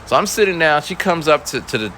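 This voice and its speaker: A young man tells a rambling, laid-back teaching story with a bright, lively voice that rises and falls a lot. Faint traffic noise sits behind him. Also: on the high side, fast talker, low-quality recording. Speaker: schoolteacher. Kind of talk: casual storytelling vlog.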